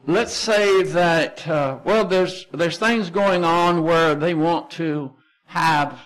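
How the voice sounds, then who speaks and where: A man with a Texan accent preaching a sermon as pastor, conversational and emphatic, slowing down to stress key phrases. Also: on the high side, a bit bright, poor audio.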